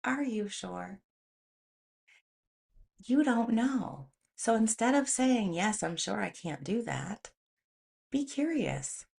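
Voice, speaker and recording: A woman's voice: on the high side, lively intonation, slow pace, gravelly, a little mellow. A woman hosting a motivational talk, speaking in a conversational way and telling stories with animation. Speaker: host.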